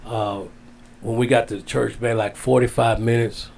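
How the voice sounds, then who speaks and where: An older man sits as an interview guest and tells a heartfelt story. He rambles and repeats his phrases in a plain, mid-pitched voice. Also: level tone, normal speed, vocal fry, a little mellow. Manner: rambling, repeats phrases, Southern-style casual grammar. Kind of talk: emotional storytelling.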